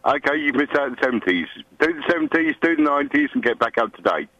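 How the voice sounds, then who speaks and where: A man's voice: mid-range voice, expressive, fast, pushed and bright, dry recording. Male radio caller on a dull line. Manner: friendly, ribbing. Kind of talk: phone-in chat. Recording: dull, dry phone-in line.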